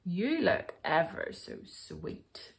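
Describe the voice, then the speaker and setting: A woman voicing a sly, hungry pack of wolves in a storybook, with a low growling manner. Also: very animated, drawn-out words, creaky, roomy sound, full character voice.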